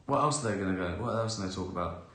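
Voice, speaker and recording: A middle-aged man talks casually through a live stream, answering viewer questions. His voice is bright and forward, he laughs often and acts out little scenes. The room gives a noticeable echo. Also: lowish voice, fast.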